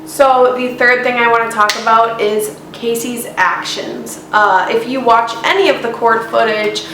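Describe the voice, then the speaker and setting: A woman vlogger delivers blunt, indignant true crime commentary, swearing freely as she lays out her case. Her voice sits a touch high and sounds a little distant from the mic. The room is echoey, with a faint hiss behind her. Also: a bit bright. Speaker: YouTuber.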